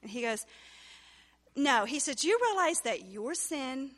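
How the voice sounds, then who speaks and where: A woman's voice: high voice, lively intonation, unhurried, big-room sound. A woman telling her personal faith testimony as a story, acting out the dialogue she quotes. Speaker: testimony speaker.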